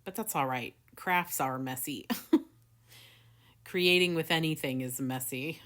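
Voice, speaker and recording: Woman, craft tutorial host, low-ish voice, casual and rambling with fillers. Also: slow, fairly bright tone. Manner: chatty, laughs often, many fillers.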